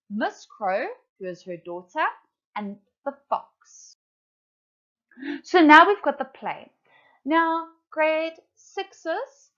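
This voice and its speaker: A woman teaching a children's English class, explaining each step briskly. Her voice sits fairly high and moves around a lot in pitch. The recording sounds dull and lo-fi. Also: a bit bright. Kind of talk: online English lesson for children.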